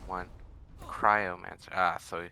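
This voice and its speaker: Man, very deep voice, bright edge, halting casual gameplay chat. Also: level tone, a little hiss or hum. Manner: halting, full of fillers. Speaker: video game co-op player.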